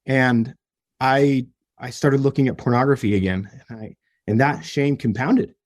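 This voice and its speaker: A man's voice: medium pitch, fairly even intonation, normal speed, no echo, studio quality. A young man, a podcast guest, telling his own story earnestly and emotionally, often restarting his sentences. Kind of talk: personal story in an interview.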